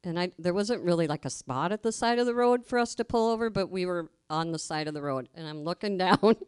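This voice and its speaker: A woman's voice: fairly low pitch, animated, fairly quick, clean tone, no room sound, studio quality. A middle-aged woman telling a personal story live on stage, colloquial, laughing as she goes and acting out the voices she quotes. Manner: colloquial, laughs through her own story.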